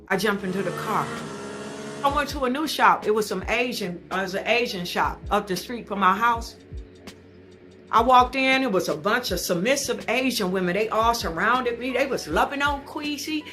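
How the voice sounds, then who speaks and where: A woman telling a comic story in a brash, boastful, animated way. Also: on the high side. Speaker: comedic storyteller.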